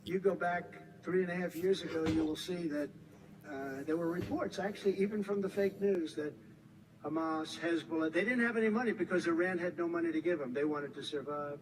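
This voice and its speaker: A man's voice: on the high side, a little fast, slight background noise, rough recording. An American man in his seventies giving a rambling, repetitive, emphatic campaign rally speech from a podium. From United States. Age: 70s. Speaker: politician.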